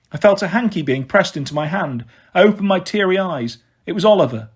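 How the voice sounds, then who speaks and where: A man reading a children's novel aloud in a steady first-person narration. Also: sits high, moderate pace, few pauses, breathy edge. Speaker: storyteller.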